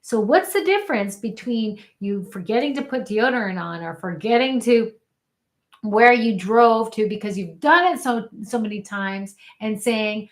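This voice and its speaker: A woman's voice: a little high, lively intonation, a little slow. A woman life coach giving an earnest live teaching, often calling out questions to her audience. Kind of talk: live online coaching talk.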